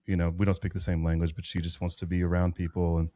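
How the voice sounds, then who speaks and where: A man's voice: sits low, flat delivery, fast, mellow, no echo. A man in his thirties, a podcast guest, telling a personal faith story in an earnest, rambling way with many restarts. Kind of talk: personal faith testimony in conversation.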